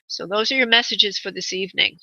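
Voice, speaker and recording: A woman's voice: mid-range voice, fairly quick, sharp tone, dry recording, dull audio. A woman hosting a radio call-in show as a psychic medium, calling her callers honey and sweetheart.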